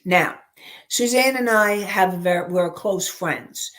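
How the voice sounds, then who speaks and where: A woman coach giving a teaching talk, speaking slowly and deliberately, pausing often and using personal examples. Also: on the low side, a bit bright. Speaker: emotional intelligence coach.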